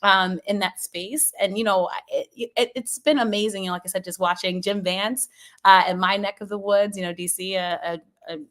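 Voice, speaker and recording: A quick-talking woman from Maryland speaks as a guest in a casual interview. She is a sports journalist with a lively, chatty manner, often laughing and leaning on "you know". Her voice sits at a middle pitch. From Maryland, USA.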